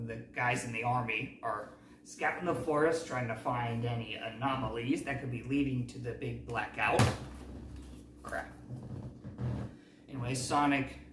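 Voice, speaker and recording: A man hosting a casual movie recap, talking in a rambling, self-correcting way. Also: mid-range voice. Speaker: movie review host. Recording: roomy, distant mic, faint noise.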